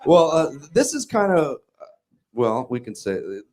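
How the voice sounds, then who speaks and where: A man's voice: on the high side, very animated, unhurried, a crowd in the background. A man telling an exasperated, profane story in casual talk, rambling with fillers.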